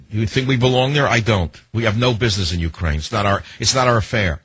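Brief: older male talk radio host, very low and husky, dry close sound, sardonic and emphatic, repeats himself. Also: quick pace, fairly bright tone, dry recording. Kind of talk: political talk radio monologue.

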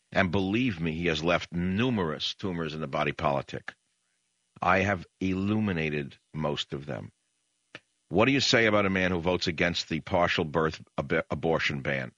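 A man hosting political talk radio in a low, forceful voice, indignant and combative as he stacks up rhetorical questions. His delivery is dry and close on a studio mic. The broadcast sound is a little dull. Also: no room sound.

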